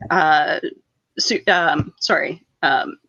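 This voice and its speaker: A woman's voice: deep voice, extremely slow, creaky, sharp tone, husky, dull audio. A woman co-host in a casual podcast chat, talking hesitantly with many restarts.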